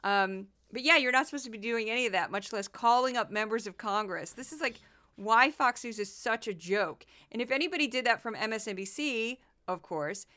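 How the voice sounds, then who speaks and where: A woman hosting a podcast, giving animated, sarcastic political commentary. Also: fairly high pitch, brisk. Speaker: podcast host.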